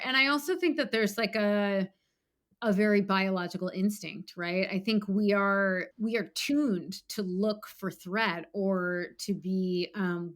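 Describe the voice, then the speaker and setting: A woman's voice: mid-range voice, fairly bright tone. Woman author, chatty and filler-heavy. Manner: frequent "like" fillers, acts out her inner voice in bursts. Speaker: author guest. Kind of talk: casual conversational interview.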